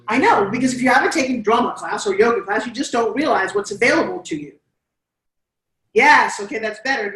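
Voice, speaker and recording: An echoey classroom recording from afar captures a woman with a fairly high voice and a New York accent. She is an on-camera presence coach leading a live workshop, animatedly coaxing students through exercises.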